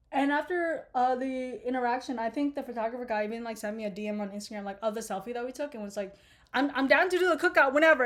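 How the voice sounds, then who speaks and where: A young woman in her twenties casually telling a rambling, profane story to her viewers, with laughing asides. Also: a little high. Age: 20s. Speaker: vlogger.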